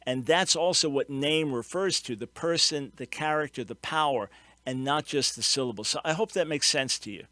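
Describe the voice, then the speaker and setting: A man's voice: fairly high pitch, moderate pace, pushed and bright, no room sound. A man hosting a call-in radio show, explaining with earnest emphasis and taking callers.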